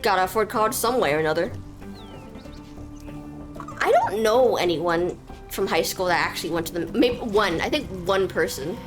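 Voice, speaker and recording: A woman's voice: medium pitch, lively intonation, normal speed, long pauses. A young woman streaming a game, joking and rambling casually to her viewers. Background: soft game music.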